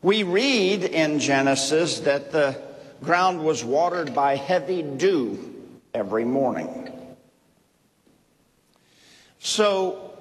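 A man preaches a Bible lesson at a very unhurried pace, laying out each point carefully and repeating key phrases. His voice carries a long reverberant tail, as if from a church hall. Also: on the high side. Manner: slow, deliberate, repeats key phrases, asks "okay?". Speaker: Bible teacher. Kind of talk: sermon.

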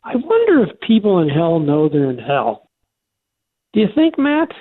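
An older man co-hosting a faith talk show, speaking earnestly and haltingly with many restarts. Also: fairly high pitch, huge pitch swings. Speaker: radio show co-host. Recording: tinny phone line.

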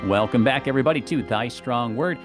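A man's voice: mid-range voice, brisk, over music. A man hosting a Bible discussion radio show as a pastor, talking conversationally and often checking in with "right?". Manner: conversational, frequent "right?" tags. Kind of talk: casual theological discussion.

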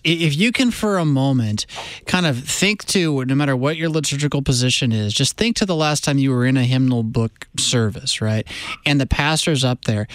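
A man hosting a casual theology talk, animated and conversational, often restarting his sentences and checking in with "right?". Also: medium pitch, no room sound.

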